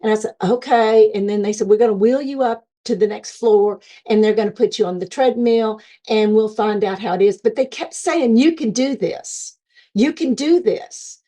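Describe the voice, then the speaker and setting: Middle-aged woman, mellow tone, earnest testimony, acts out her own past thoughts. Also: mid-range voice, a little fast, hardly any pauses. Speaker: near-death experience guest. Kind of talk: personal testimony.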